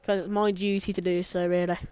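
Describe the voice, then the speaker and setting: A man's voice: high-pitched, flat delivery, fast talker, a little mellow, smooth, no echo. A man commentating a sim racing league, teasing his co-host and calling the action. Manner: banter, bossy teasing of co-host. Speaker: race commentator.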